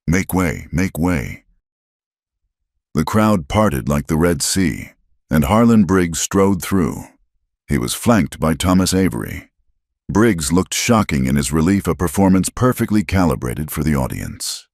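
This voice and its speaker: A man narrating a western romance story in a measured, dramatic storytelling style. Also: low voice, big pitch swings, darkish tone, no room sound, studio quality. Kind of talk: scripted narration.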